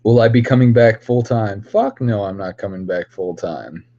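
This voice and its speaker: A man's voice: lowish voice, moderate pace, warm tone, highs cut off. A man on a casual livestream, rambling and ranting with constant profanity at his viewers. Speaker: streamer.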